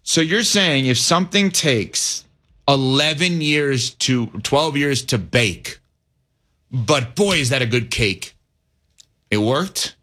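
A man with a bright, forceful voice holds forth on a sports talk panel. He reasons out loud, stacking hypotheticals and restarting sentences as he presses his point. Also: mid-range voice, takes it slowly. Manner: animated, thinks aloud with restarts and hypotheticals. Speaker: sports talk show host. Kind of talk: casual sports debate.

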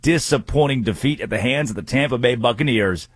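A man hosting a sports talk show, making college football picks with quick wisecracking asides. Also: mid-range voice, breathy edge, no room sound. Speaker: sports radio host.

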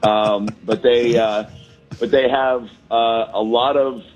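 A man's voice: medium pitch, fairly even intonation, takes it slowly, darkish tone, soft background music. A man calling in as a guest comedian, joking and rambling with many fillers, hungover on a balcony. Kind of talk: casual chat on a call. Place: hotel balcony abroad. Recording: dull lo-fi call audio.

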